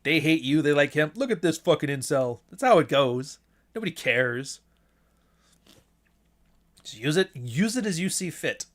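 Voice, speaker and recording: A man's voice: a little high, expressive, moderate pace, pauses often. A man hosting a livestream, talking in a casual, blunt and profane rant. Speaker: podcast host.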